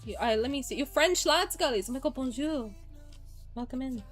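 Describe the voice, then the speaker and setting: A woman's voice: high voice, expressive, moderate pace, faint music behind. A young English woman streaming live, chatting frankly and emotionally, ranting and swearing as she greets her viewers. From England. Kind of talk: casual livestream chat.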